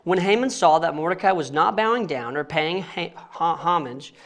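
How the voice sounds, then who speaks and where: A man's voice: a little high, animated, normal speed, a bit bright. A young man reading scripture aloud and teaching it casually in a church, often stumbling over names and laughing at himself. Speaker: Bible study teacher.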